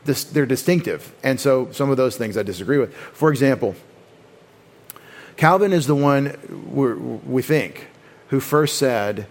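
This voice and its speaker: A man's voice: medium pitch, expressive, measured pace. Man teaching a doctrinal sermon. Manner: explanatory, with frequent restarts and quoted voices. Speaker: pastor.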